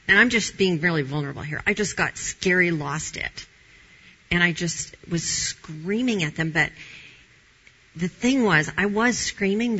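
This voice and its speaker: A middle-aged woman shares a candid Christian testimony, her husky voice pushed hard and tense. She tells her story in a lively way and laughs often. The recording sounds a little dull and lo-fi. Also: fairly low pitch. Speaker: guest sharing testimony.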